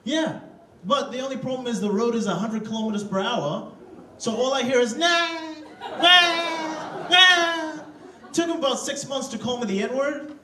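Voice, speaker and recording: A stand-up comedian from Africa, loose and profane, chatting with the crowd in a comedy club. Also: male voice, very high voice, a little fast, slight background noise. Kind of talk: stand-up routine. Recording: roomy hall, distant mic, crowd laughter. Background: audience laughter.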